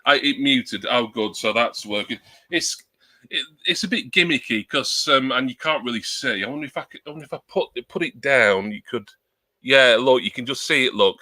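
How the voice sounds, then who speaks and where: A man's voice: mid-range voice, lively intonation, normal speed, bright, forceful tone, dry recording. A man chatting casually on a live stream through a new external desk mic at his laptop, rambling and joking at his own expense. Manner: rambling, self-deprecating, joking.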